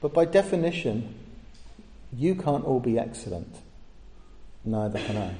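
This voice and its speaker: Earnest preacher in an echoey hall. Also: male voice, medium pitch, very animated, measured pace, mellow. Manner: earnest, emphatic, rising on key words. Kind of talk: sermon. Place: church.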